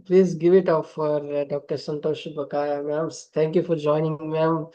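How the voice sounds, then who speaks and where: A man's voice: on the high side, flat delivery, normal speed, dark tone, highs cut off. A man hosting an online poetry event, polite and hesitant with many fillers. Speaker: event host.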